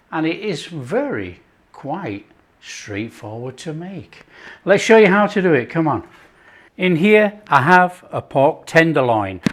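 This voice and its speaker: A man hosting his own cooking show, chatting casually as he prepares a dish. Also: fairly high pitch. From not France. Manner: chatty, relaxed, talks while working.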